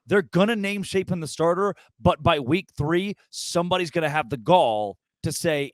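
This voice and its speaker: A man's voice: high-pitched, sing-song, moderate pace, few pauses, no room sound. Man, podcast host, from Arkansas, emphatic, fired-up, restarts, dry close sound. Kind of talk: casual sports podcast chat.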